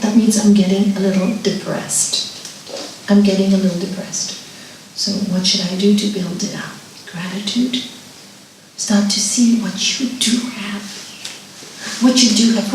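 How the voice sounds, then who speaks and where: A middle-aged woman, a yoga and spiritual teacher, answering audience questions with lively, laughing talk and repeating her key advice. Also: medium pitch, slight background noise. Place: hall. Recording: echoey hall, voice from far off, faint ambience.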